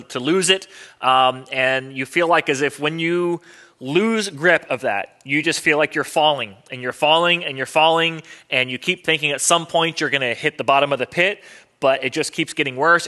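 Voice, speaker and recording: A man's voice: a little high, pushed and bright. A man preaching a sermon as pastor in a conversational, earnest way with wry humor.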